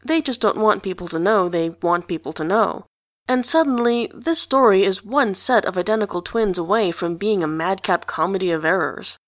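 A woman narrating a storybook reading at a measured, even pace. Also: on the low side, no room sound, studio quality. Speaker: audiobook reader.

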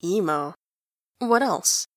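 A woman's voice: lowish voice, animated, takes it slowly, dry recording, studio quality. A woman doing a nosy, cheeky twelve-year-old boy. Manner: brash, teasing questions.

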